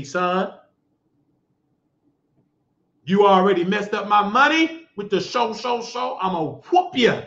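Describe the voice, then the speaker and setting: A man hosting his own show, ranting in a preachy, scolding monologue with shouted outbursts. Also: high voice. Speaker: show host. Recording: dull lo-fi sound in an echoey room.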